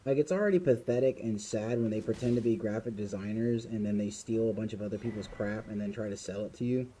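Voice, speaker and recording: A man streaming a game who angrily swears at and scolds his chat, then vents in a fast rant. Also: warm tone, slight background noise, low-quality recording. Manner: muttering, drops to low volume while filing a report. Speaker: gaming streamer. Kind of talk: live-stream chat reaction.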